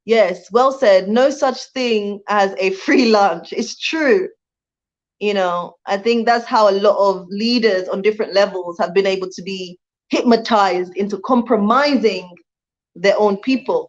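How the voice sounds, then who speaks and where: A Jamaican-born woman hosts a casual livestream from her home in Rwanda, reading viewer comments aloud, chatting, laughing often, and warmly thanking viewers. Her voice is mid-range, and the recording has its highs cut off.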